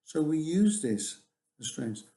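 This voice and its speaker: A man's voice: on the high side, big pitch swings, takes it slowly, gravelly, warm tone. A man teaching a recorded course lecture, explaining in a teacherly way with hesitant restarts. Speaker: TEFL course tutor.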